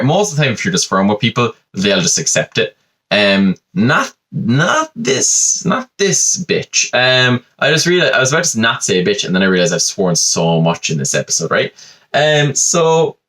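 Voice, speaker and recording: A young man hosting a comedy podcast tells a long story on his own. His pitch swings widely as he jumps between his own lines and the other people's, and his tone stays bright and forceful. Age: 20s. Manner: animated, acts out both sides of the exchange in shifting voices.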